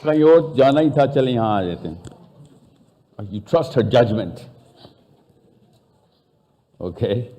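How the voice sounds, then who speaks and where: A man's voice: mid-range voice, warm tone. A man from Pakistan with a Pakistani accent, giving a live talk to an audience and bantering with them, switching into Urdu and Hindi. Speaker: speaker.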